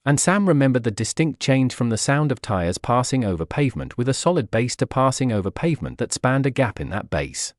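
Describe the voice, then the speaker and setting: A man reads a fan-fiction story aloud as a dramatic audiobook, his pitch rising and falling a lot. The recording is dry and close-miked, with no room echo. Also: a little fast, few pauses. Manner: expressive, voices the characters' shouts. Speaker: audiobook narrator.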